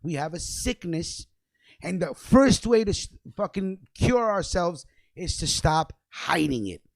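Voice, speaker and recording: A man's voice: high voice, very animated, unhurried, vocal fry, no room sound. A young man hosting a radio show, delivering a fiery, profane, repetitive freestyle rant.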